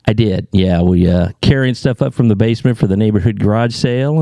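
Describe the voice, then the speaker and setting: A man's voice: fairly low pitch, a little fast, vocal fry, warm tone. A man co-hosting a podcast in casual chat, reacting with exclamations. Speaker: podcast co-host.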